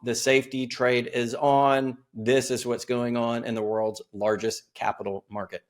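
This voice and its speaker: Emphatic man hosting a finance show. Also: medium pitch. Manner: emphatic, repeats warnings to pay attention; asks the viewer rhetorical questions. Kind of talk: reading an article aloud and commenting on it.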